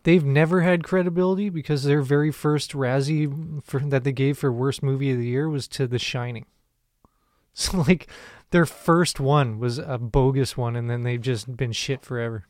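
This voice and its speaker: A man co-hosting a comedy podcast, animated and quick to laugh in casual chat. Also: medium pitch, no room sound, clean studio sound. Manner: animated, laughs often, excitable. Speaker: podcast co-host.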